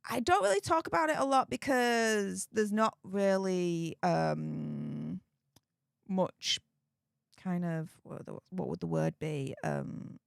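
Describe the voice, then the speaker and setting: A British woman hosting a live stream, chatting casually, laughing often and reading out viewer comments in a frank, animated way. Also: lowish voice, takes it slowly, gravelly, no room sound, studio quality. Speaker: livestream host reading viewer chat.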